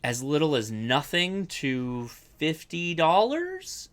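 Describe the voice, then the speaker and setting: A man's voice: a little high, wildly swooping pitch, slow, fairly bright tone. A young adult man hosting a casual live-stream Q&A, chatty and rambling, often correcting himself as he answers viewer questions.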